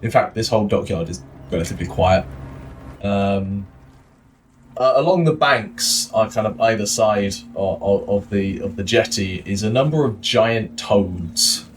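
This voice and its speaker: A man with a Welsh accent narrates a tabletop game as dungeon master, unhurried and lowish in voice, in a loose style full of fillers. The mic sounds distant, with faint noise.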